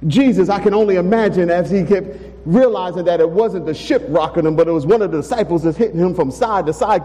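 A man's voice: high-pitched, quick pace, dark tone, long reverb tail, low-quality recording. A man preaching a sermon as pastor, emphatic and full of rhetorical questions, in a church sanctuary. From Texas.

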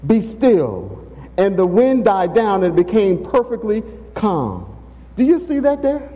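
A man's voice: a little high, dark tone, big-room sound, low-quality recording. A man preaching a sermon as pastor, emphatic and full of rhetorical questions, in a church sanctuary. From Texas.

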